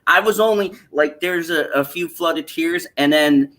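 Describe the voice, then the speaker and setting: A man in his thirties hosting a casual chat stream, animated and profane, laughing often as he talks. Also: on the high side, unhurried. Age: 30s. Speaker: stream host.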